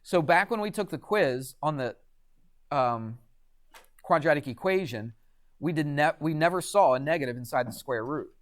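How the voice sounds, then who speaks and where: A man's voice: fairly high pitch, lively intonation, normal speed. A man teaching a math class in a classroom, chatty and quizzing students with frequent questions. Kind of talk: classroom lecture.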